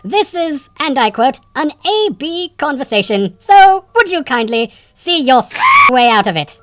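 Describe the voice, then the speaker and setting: A man voicing a pompous puppet word expert who hosts a comedy segment, sarcastic and quick to indignant rants. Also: very high voice, big pitch swings, fairly bright tone, faint music behind, exaggerated voice. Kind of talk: sketch comedy monologue.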